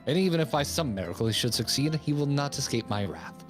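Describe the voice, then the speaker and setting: A man's voice: medium pitch, animated, quick pace, soft background music, pitched above the performer's own voice, close to an everyday voice. A man voicing a haughty, wealthy female collector with imperious, theatrical delivery. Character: haughty rich woman collector. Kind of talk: streamer reading game dialogue aloud.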